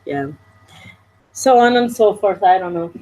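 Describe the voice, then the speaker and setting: A woman's voice: mid-range voice, expressive, measured pace, mellow, rough recording. A tired woman in a casual study group discussion, teasing and sarcastic. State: tired, up since early morning.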